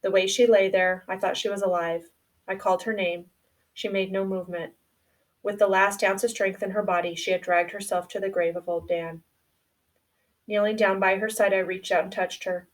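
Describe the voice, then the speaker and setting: A woman reading a novel aloud in a quiet, subdued storytelling manner. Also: medium pitch, fairly even intonation, moderate pace, far from the mic. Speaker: audiobook reader.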